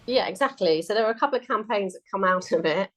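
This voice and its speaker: A woman talking through her research as a guest, chatty and full of ums and quick self-corrections. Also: mid-range voice, expressive, a crowd in the background. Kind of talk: conversational interview.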